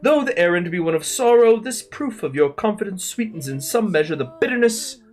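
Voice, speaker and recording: A man doing a solemn, overly courteous gentleman who answers in ornate, stilted phrases. The pitch is raised high above a normal speaking voice, with a highfalutin, mock-refined manner. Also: sing-song, fairly quick. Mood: grandiloquent. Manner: highfalutin, elaborately formal mock-refined delivery. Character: solemn courteous man accepting a grave errand, overly formal.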